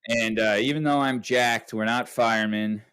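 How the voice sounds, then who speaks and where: A man's voice: medium pitch, steady tone, normal speed, fairly bright tone, smooth. Swearing man telling a story. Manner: profane, tags lines with "right?". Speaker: podcast host. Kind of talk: casual podcast storytelling.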